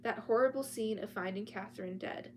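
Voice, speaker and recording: A woman's voice: mid-range voice, brisk, a little mellow, a little hiss or hum. A woman reading a thriller story aloud at home, often stumbling over words and breaking off to chat. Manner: reads with frequent restarts and chatty asides. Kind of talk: casual read-aloud storytime. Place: at home with cats nearby.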